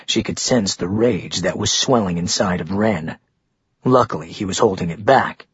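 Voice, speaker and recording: A man narrating an audiobook in a steady storytelling manner. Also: low voice, moderate pace, slightly rough, dry recording. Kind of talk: scripted narration. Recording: dull dry muffled recording.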